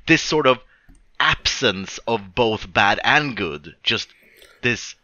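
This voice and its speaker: A man with a very bright, sharp voice talks through a film in halting, thoughtful sentences. The sound is dry and a bit dull, like a lo-fi recording. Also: medium pitch, lively intonation, no room sound. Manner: thoughtful, halting, restarts often. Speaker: podcast co-host. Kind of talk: casual film review chat.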